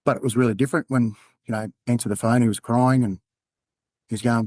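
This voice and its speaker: A man with an Australian accent, a podcast guest telling a personal story in a candid, halting way. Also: mid-range voice, fairly even intonation, darkish tone, no echo. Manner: candid, halting, acts out quoted dialogue. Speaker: podcast guest, former undercover police officer.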